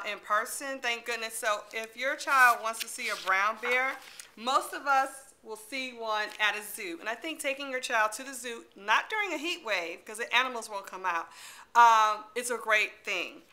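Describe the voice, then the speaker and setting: A middle-aged woman with a bright, clear voice that sits a bit high, telling a chatty story as a library storyteller. She is animated, laughs often and acts out her own lines. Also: a little hiss or hum. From Detroit, USA.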